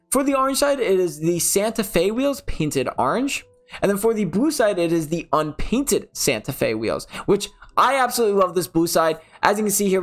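A young man from the New York area chatting casually over game footage, often correcting himself mid-sentence. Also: on the high side. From New York City area. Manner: chatty, self-correcting, rambling. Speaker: gaming channel host.

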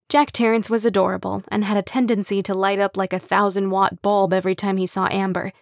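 Lady reading a cozy audiobook, even and wry, super dry close mic. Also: mid-range voice, no room sound. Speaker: audiobook narrator. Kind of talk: scripted narration.

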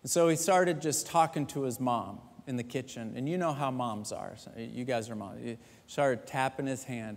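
A man preaching a sermon as pastor, telling stories lively and joking with the congregation. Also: mid-range voice, normal speed, vocal fry. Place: large church sanctuary. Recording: echoey church hall.

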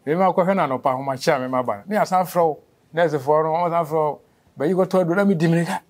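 A Ghanaian man speaking as an interview guest, telling a long story that grows animated and rushed as it goes. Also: on the high side. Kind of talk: emotional interview.

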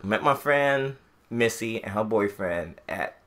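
A man from Illinois co-hosting a podcast, telling a long, animated story in casual chat with many restarts. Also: on the low side, measured pace. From Illinois, USA. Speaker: podcast co-host.

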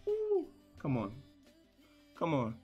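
A young man with a fairly high, lively voice hosts a live gaming stream for viewer tournaments, talking at a moderate pace over faint background music on lo-fi audio. He's upbeat and hyped, chatting casually, greeting chat members by name, repeating phrases, and apologizing often.

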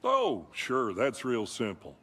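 A man's voice: mid-range voice, huge pitch swings, slow, fairly bright tone, breathy edge, exaggerated voice. An actor playing a nervous small-town male deputy in a game, awkward and stammering.

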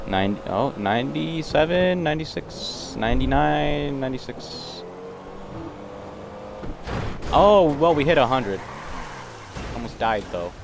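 A man's voice: medium pitch, very animated, normal speed, noisy background. Hyped young man streaming a game. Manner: playful, hyped, talks to chat and game characters. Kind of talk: casual live-stream chatter.

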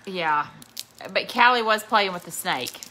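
A woman, chatting casually on a live stream, telling stories slowly and laughing often. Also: mid-range voice, animated, pushed and bright, slight background noise. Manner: slow, drawling storyteller, laughs often. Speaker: co-host, mother.

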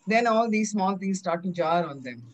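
A woman's voice: mid-range voice, animated, moderate pace. A woman with an Indian English accent joining in from a video call with a comment, a little hesitant. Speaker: participant. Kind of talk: casual chat.

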